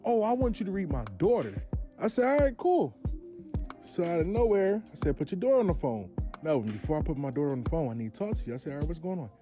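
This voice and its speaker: A man's voice: fairly high pitch, very animated, fast, over music. A man hosting his own show, telling a long personal story and acting out both sides of the phone calls. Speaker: host. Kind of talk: storytelling monologue.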